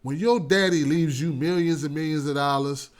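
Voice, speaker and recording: Male talk host, higher voice, casual animated rant, repeats himself, laughs a lot. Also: normal speed. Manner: animated, repetitive, laughs often. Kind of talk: casual political commentary.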